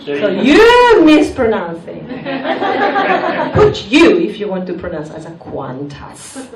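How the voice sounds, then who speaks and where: A woman from Japan with a Japanese accent, doing a stand-up comedy set in a deadpan manner with slightly broken English. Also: medium pitch, a little slow, a loud crowd. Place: comedy club stage. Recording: echoey venue mic heard from a distance, audience noise. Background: audience laughter.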